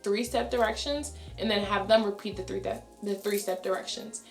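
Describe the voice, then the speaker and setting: A young adult woman, a schoolteacher, talking fast and chatty in a casual vlog, her voice raspy and tired. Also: mid-range voice, steady tone, reverberant, faint music behind. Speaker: elementary school teacher. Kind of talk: casual vlog talk to camera.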